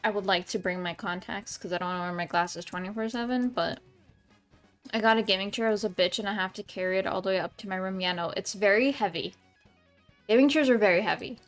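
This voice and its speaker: A woman's voice: mid-range voice, quick pace, faint music behind. A woman streamer chatting casually with her viewers at home, rambling with lots of ums and restarts. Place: home room.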